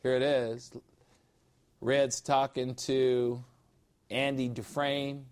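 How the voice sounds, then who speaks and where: A man teaching a sermon-style Bible lesson, reading scripture slowly and adding emphatic, jokey asides. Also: medium pitch, flat delivery, darkish tone, clean tone.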